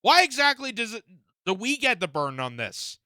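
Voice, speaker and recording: A man's voice: high-pitched, sing-song, normal speed, sharp tone, no echo, studio quality. A man from Canada giving indignant reaction commentary, firing off rhetorical questions with frequent fillers. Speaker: political commentator.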